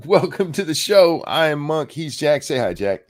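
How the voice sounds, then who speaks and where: A man's voice: on the high side, a little slow. A man hosting a casual morning stream, wry and joking as he shrugs off his aches. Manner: wry, lively, joking about pain. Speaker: podcast host.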